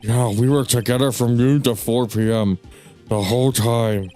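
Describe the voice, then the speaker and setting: A man voicing a shy, soft-spoken male actor in a put-on British accent, mumbling quietly while reading game dialogue aloud. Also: mid-range voice, steady tone, moderate pace, soft background music, close to an everyday voice. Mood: subdued.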